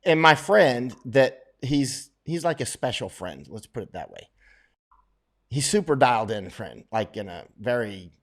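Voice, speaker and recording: A man's voice: medium pitch, big pitch swings, unhurried. A man, hosting a casual livestream, answering viewer questions in a rambling way, full of fillers and restarts. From United States.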